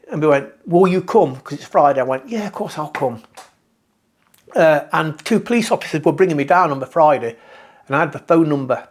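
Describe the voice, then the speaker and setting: A middle-aged British man telling his own story of addiction and recovery in a candid, reflective way, often halting and restarting his sentences. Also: fairly high pitch, expressive. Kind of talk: personal testimony.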